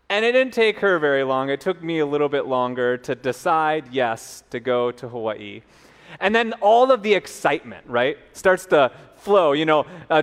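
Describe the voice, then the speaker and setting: A man preaching a sermon, telling a personal story in an animated way and acting out the voices of the people in it. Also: on the high side, clean tone, in a large hall. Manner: animated, quoting others in lively voices. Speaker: pastor.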